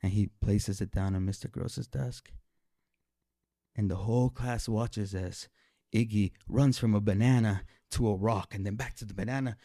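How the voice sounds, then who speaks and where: A man telling a personal story live on stage, animated and emotional, often stammering and repeating his words. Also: medium pitch, measured pace, no room sound, clean studio sound.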